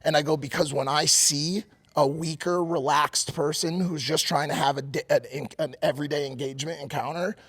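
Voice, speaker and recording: A man co-hosting a podcast, telling a rambling, profane story and loudly acting out the people he quotes. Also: on the high side, fairly even intonation, moderate pace, husky. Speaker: podcast co-host. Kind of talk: animated storytelling.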